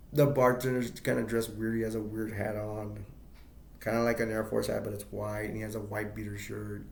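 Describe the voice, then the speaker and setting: A man casually retelling a film's plot as an amateur reviewer, rambling and halting, leaning on "like" and chuckling often. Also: on the low side, gravelly, a little mellow, echoey room, a little hiss or hum.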